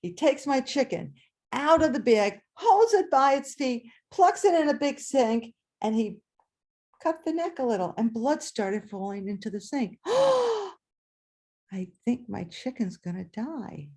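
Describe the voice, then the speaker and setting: Lively older woman telling a story. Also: high-pitched, a little slow. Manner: lively, voices the squawks and dialogue. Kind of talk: told personal story at a live event. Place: storytelling event over video call.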